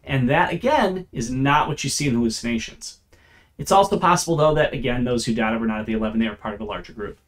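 A man's voice: mid-range voice, quick pace. A man giving a verse-by-verse Bible teaching, explaining the text and stressing key words.

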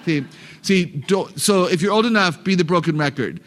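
Animated, joking speaker addressing parents. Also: male voice, sits high, normal speed. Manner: animated, joking, asks the audience questions. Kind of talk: live talk to an audience of parents.

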